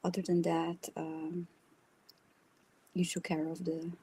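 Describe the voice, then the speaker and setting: A woman co-hosting a live psychic reading stream, speaking softly and hesitantly and often trailing into a whisper. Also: fairly low pitch, monotone, slow pace, slight background noise. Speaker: psychic reader, livestream co-host.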